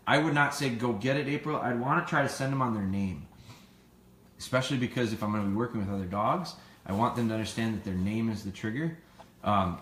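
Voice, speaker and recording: A man's voice: mid-range voice, a bit bright, reverberant, slight background noise. Plainspoken man answering viewers live. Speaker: dog trainer hosting a live stream. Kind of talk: casual live Q&A.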